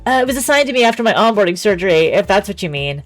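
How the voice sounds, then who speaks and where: A woman's voice: medium pitch, sing-song, racing, soft background music, close to an everyday voice. A woman voicing a frightened young waitress who pleads her innocence in a shaky voice, reading aloud from a game. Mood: subdued.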